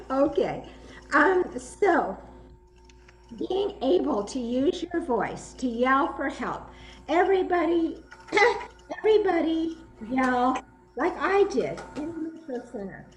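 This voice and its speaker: High-voiced woman teaching over a video call. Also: sing-song, takes it slowly, pauses often, reverberant, faint music behind, poor audio. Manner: encouraging, gives clear commands, laughs easily. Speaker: self-defense instructor. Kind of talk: online workshop teaching. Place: indoor room.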